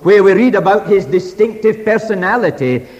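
Man preaching slow, swoopy pitch, lots of hall echo behind him. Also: lively intonation, darkish tone, lo-fi sound. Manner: slow, emphatic, archaic scripture phrasing. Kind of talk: sermon. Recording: long reverb of a hall.

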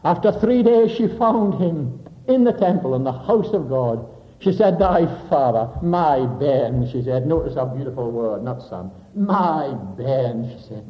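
A man preaching a sermon with dramatic delivery, sinking to a soft low voice for emphasis and explaining Greek words. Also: expressive, a little slow. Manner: expounds Greek word meanings. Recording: dull lo-fi recording.

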